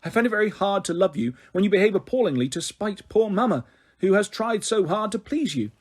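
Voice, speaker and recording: A man's voice: sits high, animated, a little fast. A man reading a storybook, voicing a stern, reproachful middle-aged father.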